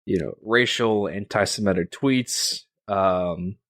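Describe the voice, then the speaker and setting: A man's voice: sits low, slow pace, a bit bright, no echo, studio quality. A young man hosting a casual sports podcast, rambling with lots of fillers and restarts. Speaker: podcast host.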